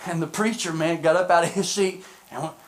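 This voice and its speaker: A male pastor preaching a sermon in a church service, shouting passionately with repeated phrases, then slipping into quick, joking stories. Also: a little high, steady tone, rough recording. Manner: drops into quick, joking storytelling.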